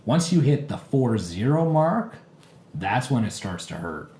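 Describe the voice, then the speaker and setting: A man's voice: medium pitch, a little slow. Self-mocking man in an echoey room. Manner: animated, self-mocking storyteller. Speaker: podcast co-host. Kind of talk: casual chat. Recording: echoey room with faint background noise.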